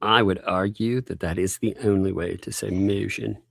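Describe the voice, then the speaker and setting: A man's voice: sits low, steady tone, normal speed, gravelly, a bit bright, dry recording, studio quality. A man hosting a casual livestream, reading legal documents aloud and joking between lines. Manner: reads court documents aloud with frequent laughs and asides. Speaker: livestream host.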